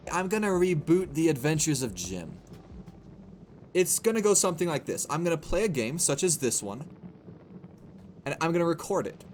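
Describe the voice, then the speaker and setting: Lively self-mocking male streamer. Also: fairly high pitch, slight background noise. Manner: playful self-mocking rants at chat. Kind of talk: livestream gameplay commentary.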